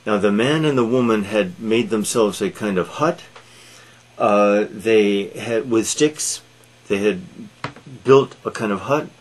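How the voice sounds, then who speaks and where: A man telling an animal fable aloud, halting with frequent fillers and restarts. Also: fairly low pitch. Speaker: storyteller. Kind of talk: read-aloud storytelling.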